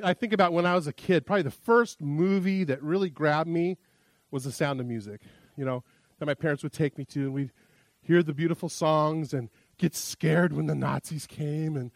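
A man's voice: on the high side, dry recording. Chatty male pastor, dry close sound. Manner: chatty, self-deprecating storyteller with many restarts. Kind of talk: sermon.

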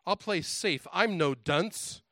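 A man's voice: high voice, slow pace, pushed and bright, dry recording, heavily acted. A man reading a rhyming children's story aloud, giving voice to an indecisive, foolish storybook creature. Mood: fretful.

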